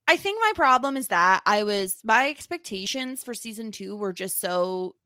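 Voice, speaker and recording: A woman co-hosting a TV recap podcast in casual chat, telling the story with animated emphasis. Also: mid-range voice, normal speed, no room sound, clean studio sound. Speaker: podcast co-host.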